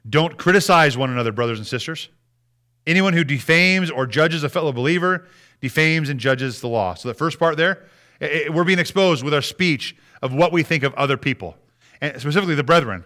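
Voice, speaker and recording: A man's voice: medium pitch, normal speed, sharp tone. A man preaching a sermon in a conversational way, often restarting words and acting out prayers. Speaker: pastor.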